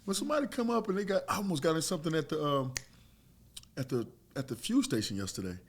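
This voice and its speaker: A man's voice: on the high side, fast talker. Blunt, profane man in his forties. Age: 40s. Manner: blunt, profane, animated storyteller. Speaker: guest, former fighter. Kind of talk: casual storytelling chat.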